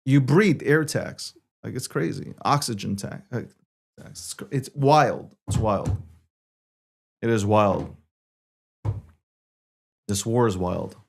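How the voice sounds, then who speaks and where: A New York City man hosting a show gives opinionated political takes slowly, in a gravelly mid-range voice with long pauses. Punchy and emphatic, he repeats points and rides the volume between loud and soft, over a slight hiss or hum.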